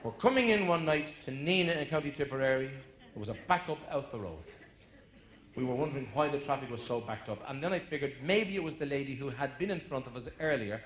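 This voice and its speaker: A man's voice: mid-range voice, expressive, a little fast, fairly bright tone. A man with an Irish accent doing live stand-up, telling stories and acting out characters for the punchlines. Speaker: comedian. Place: live venue with audience. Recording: echoey live venue with crowd noise. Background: crowd laughter.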